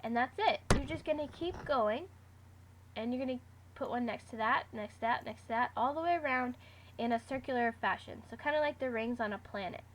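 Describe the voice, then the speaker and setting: Talking casually through a do-it-yourself craft tutorial, a woman gives step-by-step instructions with the occasional "um." She's a chatty craft vlogger with a slightly high voice who speaks fairly quickly, and there's a little hiss or hum in the recording.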